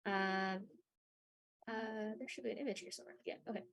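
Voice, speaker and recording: A woman's voice: mid-range voice, fairly even intonation, brisk, fairly bright tone. Young woman doing a coding workshop, lots of um and sort of, voice a bit worn out. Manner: hesitant, many ums and sort ofs. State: losing her voice a bit. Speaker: workshop instructor. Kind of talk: live coding tutorial.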